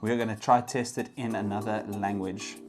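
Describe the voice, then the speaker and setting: A man's voice: lowish voice, level tone, brisk, music in the background. A young man giving a casual, explanatory tech review, occasionally restarting his sentences.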